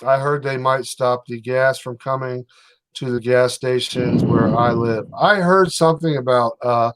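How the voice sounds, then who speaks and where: Male livestream host, mid-pitched, rambling and hesitant, casual talk. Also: fairly even intonation, unhurried, a bit bright. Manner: rambling, hesitant, full of fillers.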